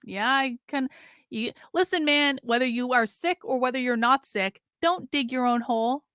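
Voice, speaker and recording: A woman hosts a livestream in a blunt, chatty way, full of fillers. Her voice is bright and pitched a little high. The sound is close and dry. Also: normal speed, clean tone, no echo. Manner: blunt, conversational, many fillers. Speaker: livestream host. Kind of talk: livestream commentary reading chat.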